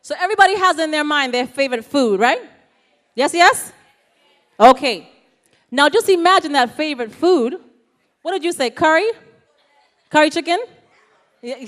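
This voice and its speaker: High-voiced, animated woman speaker. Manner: animated, asks the audience questions, calls out "yes, yes?". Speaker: motivational speaker. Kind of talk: lively motivational talk to a youth audience. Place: ceremony hall.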